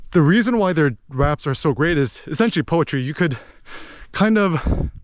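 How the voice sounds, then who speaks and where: A man giving a rambling, animated casual monologue as a podcast host. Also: on the high side, normal speed, no echo, clean studio sound. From United States. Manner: animated, rambling, with many fillers.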